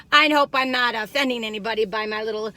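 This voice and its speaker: Bubbly high-voiced woman in a car. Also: fast talker, pushed and bright. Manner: bubbly, giggly, sings playful jingles. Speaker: food reviewer vlogger. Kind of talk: casual chatty review. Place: inside a parked car.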